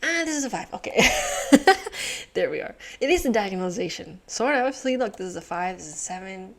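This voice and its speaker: Host, female, mid-pitched, casual think-aloud solving, mutters, swears, laughs a lot. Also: expressive, brisk. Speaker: puzzle channel host.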